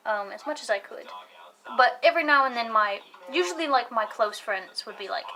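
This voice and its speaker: A woman's voice: fairly high pitch, normal speed, bright, forceful tone, poor audio. A young woman from the United States with a British-sounding accent, telling a rambling story to camera, giggling, swearing and dropping into whispers now and then. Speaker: vlogger.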